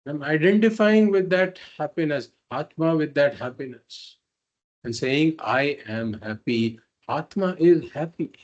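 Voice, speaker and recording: A man's voice: a little high, a little slow, a little mellow, highs cut off. A man teaching a spiritual philosophy class, explaining patiently and repeating points through simple examples. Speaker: Vedanta teacher.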